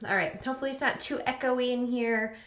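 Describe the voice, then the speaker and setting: A woman's voice: on the high side, fairly quick, fairly bright tone. Chatty woman in an echoey bathroom. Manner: chatty, upbeat, talks while doing her routine. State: slightly out of breath. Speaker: beauty vlogger. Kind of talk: casual skincare tutorial. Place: bathroom at the sink. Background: running water from the tap.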